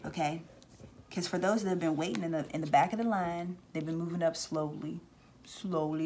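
A woman's voice: on the low side, steady tone, normal speed, darkish tone, slight background noise. A woman hosting a casual spiritual talk, rambling with restarts and acting out voices she says she hears. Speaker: spiritual reader and channel host.

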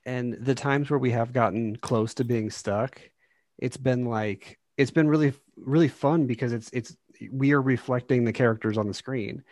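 Homem descontraído em conversa casual. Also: male voice, mid-range voice, normal speed, dry recording. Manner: relaxed, rambling, laughs often. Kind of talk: casual chat about a video game.

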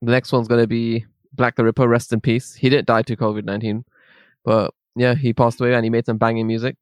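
A young man, co-hosting a podcast in relaxed banter and laughing often. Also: medium pitch, quick pace, no room sound, clean studio sound. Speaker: podcast co-host. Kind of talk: casual chat.

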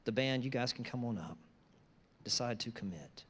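A man preaching a sermon, moving from conversational asides to loud, emphatic repeated phrases. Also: medium pitch, animated, normal speed. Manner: conversational asides between scripture lines. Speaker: pastor.

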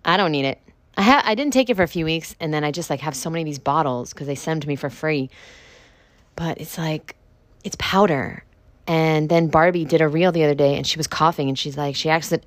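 A young woman hosts her podcast in a loose, blunt rant, swearing freely and padding her sentences with "like." Her voice sits a little low for a woman. The recording is dry and close, with no room echo. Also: fast talker. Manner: blunt, profane, lots of "like" fillers. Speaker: podcast host. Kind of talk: casual ranting monologue. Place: home with construction noise outside.

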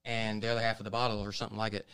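A man with a smooth, clear voice tells a crude story in a relaxed way. He swears freely in casual chat with friends. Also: on the low side, rapid-fire, rough recording. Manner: laid-back, profane, laughs often. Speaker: podcast co-host.

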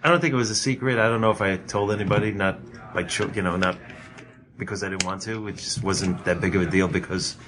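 Deep-voiced fast-talking guest man. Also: fairly even intonation, background noise. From Bensonhurst, Brooklyn. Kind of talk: casual interview answers.

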